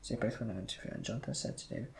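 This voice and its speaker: A man reading scripture aloud in a rushed way, with slips and restarts. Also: fairly low pitch, gravelly, darkish tone, slight background noise, poor audio. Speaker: Bible reader.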